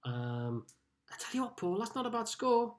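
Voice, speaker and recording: A Liverpool man hosts a casual pub quiz streamed live from home, chatting and greeting players by name while reading their scores. He has a high voice with big pitch swings and a moderate pace.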